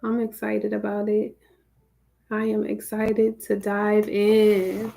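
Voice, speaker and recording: A woman's voice: mid-range voice, completely flat delivery, slow pace, vocal fry, mellow. A woman hosting a live stream, greeting her viewers by name in a casual, chatty way. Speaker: livestream host.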